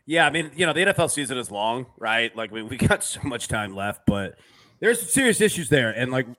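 A man's voice: medium pitch, big pitch swings, brisk, sharp tone. A man hosting a sports betting podcast, talking loosely with lots of fillers and reading viewer comments aloud. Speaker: podcast host. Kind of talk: casual sports betting chat.

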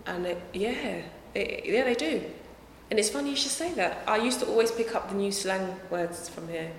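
A woman's voice: medium pitch, moderate pace, a little hiss or hum. Woman, singer, interview, conversational, self-correcting, echoey room, faint ambience. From England. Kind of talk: interview answers. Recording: echoey room with long reverb.

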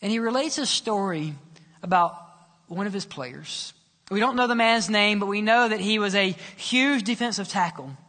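A male pastor preaching and telling a story, dramatic, dropping soft and low for quoted lines. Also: normal speed. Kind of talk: sermon storytelling. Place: church sanctuary. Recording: long church reverb.

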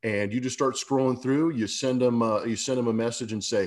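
A man's voice: medium pitch, fairly even intonation, a little fast, a little mellow. A man hosting a sports podcast, talking casually and reading ads with a scratchy morning voice. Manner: laid-back, fillers and restarts, ad reads. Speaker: podcast host.

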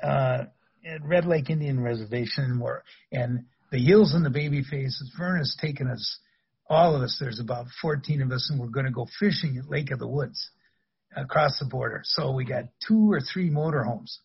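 A man's voice: mid-range voice, moderate pace, creaky, husky, highs cut off. An older man, a former wrestler, telling rambling anecdotes in a casual interview, laughing through his stories.

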